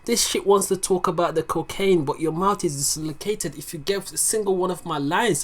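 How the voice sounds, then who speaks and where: A reaction video host casually commenting on lyrics, excitable and profane, explaining the lines aloud. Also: mid-range voice, moderate pace, hardly any pauses.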